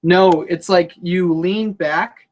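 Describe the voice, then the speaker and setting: A man co-hosting a casual wrestling podcast, loud and joking with a lot of profanity. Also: high voice, fairly even intonation, takes it slowly, background noise. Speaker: podcast co-host.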